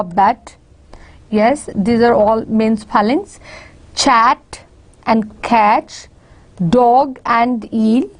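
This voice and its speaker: A high-pitched woman lecturing at an unhurried pace. She says example words over and over to model their stress. She pauses often and restarts her sentences. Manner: repeats words slowly to model stress, many fillers and restarts. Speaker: university lecturer. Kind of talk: slow classroom lecture.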